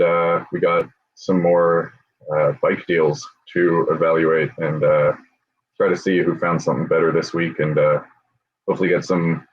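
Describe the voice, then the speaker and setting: A man hosting a casual motorcycle talk show, speaking in an easygoing way full of fillers. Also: deep voice. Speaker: podcast host. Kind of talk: casual chat. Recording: dull lo-fi sound.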